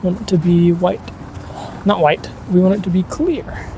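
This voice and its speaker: A car owner talking casually through a DIY vlog beside their car outdoors, gushing and exclaiming with drawn-out words. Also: mid-range voice, fairly even intonation, warm tone, a little hiss or hum.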